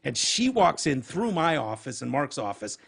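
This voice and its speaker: A man's voice: mid-range voice, very animated, moderate pace, creaky, fairly bright tone, slightly rough. A man co-hosting a podcast, telling a story in casual chat with a profane, wisecracking manner. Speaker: podcast co-host.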